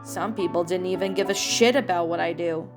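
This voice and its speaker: A woman's voice: on the low side, fairly quick, music in the background, natural voice. Lily, woman voicing a grieving tough young woman. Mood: recounting. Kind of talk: reading fan fiction aloud.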